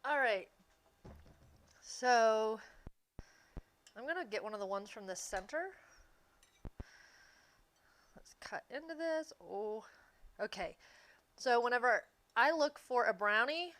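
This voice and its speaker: A woman's voice: fairly high pitch, expressive, fairly bright tone. A woman chatting casually and laughing easily as she bakes and talks to viewers on a livestream. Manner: chatty, easygoing, quick to laugh. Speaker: streamer. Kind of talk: casual chat while baking on a livestream.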